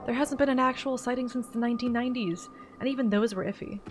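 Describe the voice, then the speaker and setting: A woman's voice: fairly high pitch, fast, soft background music, pitched above the performer's own voice, close to an everyday voice. A woman voicing an eager young monster-hunting vlogger. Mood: earnest. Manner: bright, earnest, pleading. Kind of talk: voiced-over game dialogue.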